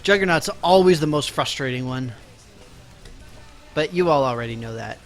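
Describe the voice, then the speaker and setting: A man's voice: fairly high pitch, animated, moderate pace, faint music behind. A man live-streaming a video game, chatting casually and mocking himself to his viewers while he plays.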